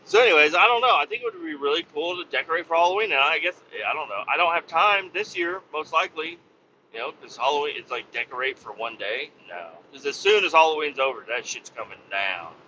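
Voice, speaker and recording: A man rambles in a casual monologue, profane and self-mocking, and keeps circling back with fillers. His voice is bright and sharp. The recording is somewhat muffled, with a faint vehicle rumble behind it. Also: expressive, fast. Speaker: podcast host and family man.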